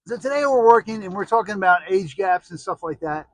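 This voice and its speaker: A man's voice: sits high, animated, fairly quick, no echo, poor audio. A middle-aged American man telling rambling, jokey stories in a casual monologue, full of restarts and asides. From United States.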